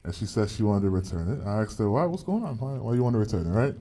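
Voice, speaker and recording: A man's voice: on the low side, racing, warm tone. A young man co-hosting a podcast, telling a story in casual chat, rambling with fillers and laughing often. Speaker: podcast co-host.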